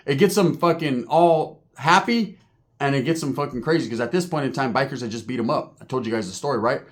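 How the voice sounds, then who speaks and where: A man telling a story in a casual, animated and profane streetwise way. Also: medium pitch, brisk.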